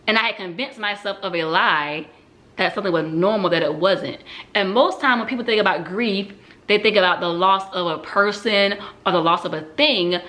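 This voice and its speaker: At a normal speed, a woman with a pushed, bright, medium-pitched voice gives a personal testimony. She reflects candidly on her own experience, using frequent "um"s along the way.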